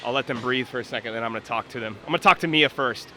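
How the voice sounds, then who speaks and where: A man's voice: medium pitch, rapid-fire, background noise. A man coaching and commenting live on a workout in a gym, explaining technique and calling out times.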